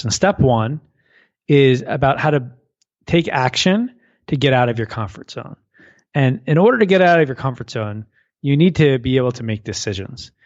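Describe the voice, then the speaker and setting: A man's voice: medium pitch, highs cut off. A man being interviewed as an entrepreneur and author, talking energetically and often repeating words as he starts his sentences. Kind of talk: conversational interview.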